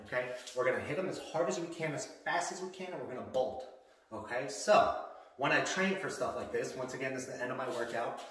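A blunt, emphatic middle-aged man coaching self-defense, closing each point with a quick "okay?". He sounds far from the mic in a very echoey room, with faint noise behind him. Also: medium pitch, fairly bright tone. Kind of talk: instructional workout video.

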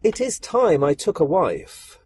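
A vain emperor purrs his threats, smug and drawn-out, as a male storyteller puts him on. The voice swings up and down and has a mellow, slightly husky tone. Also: on the high side, very animated, pitched above the performer's own voice, heavily acted.

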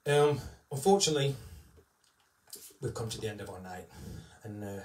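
A man's voice: on the low side, expressive, normal speed, darkish tone, reverberant, recorded from a distance, slight background noise. A man working as an entertainer, chatting on a live stream in a heartfelt, rambling way with many fillers. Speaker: tribute entertainer. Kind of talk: casual chat on a live stream.

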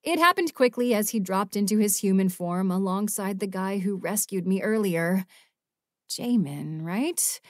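A woman narrates an audiobook in the first person, reading with expressive emotion. Her voice is mid-range in pitch. The recording is dry and close, with no room sound. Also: unhurried, no echo.

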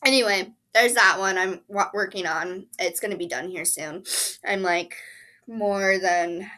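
A woman's voice: mid-range voice, unhurried, pushed and bright. A woman chatting casually about her reading, sick and interrupting herself with coughs and sneezes. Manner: chatty, apologetic, with fillers. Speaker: book vlogger. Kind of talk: casual chat.

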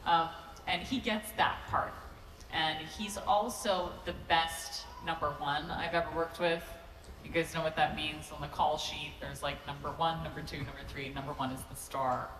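A woman with a low voice speaks on a convention panel, teasing and self-mocking and quick to laugh. She talks into a handheld microphone, and her voice rings through a big echoey hall with a long tail. Steady crowd noise sits under every word. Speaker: actor answering fan questions on a convention panel. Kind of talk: relaxed, joking panel talk. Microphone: handheld microphone on stage.

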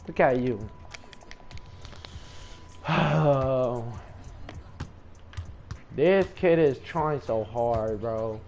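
A man's voice: mid-range voice, very slow, long pauses, a little mellow, a little hiss or hum. A man trash-talking and cursing at his opponent while commenting on his own gameplay. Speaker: gaming content creator.

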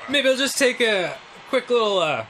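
Excitable high-voiced man shouting over gameplay. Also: normal speed. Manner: excitable, yelps and shouts while playing, swears freely. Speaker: co-host playing a video game. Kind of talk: casual gaming commentary. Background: faint game music.

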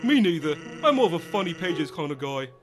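A man's voice: on the high side, very animated, a little fast, over music, pitched below the performer's own voice. A man voicing a lazy, teasing male skeleton with a laid-back drawl, tacking slang onto every line. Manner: laid-back, teasing, says bruv a lot.

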